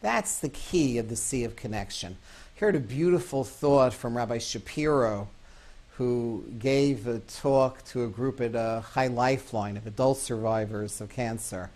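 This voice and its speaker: A man's voice: mid-range voice, a little mellow. A man, a psychologist, giving a recorded talk on grief and comfort, telling stories with emphatic rises and sometimes restarting his words. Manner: storytelling, with emphatic rises on key phrases; pauses and restarts words mid-sentence. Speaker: psychologist lecturer.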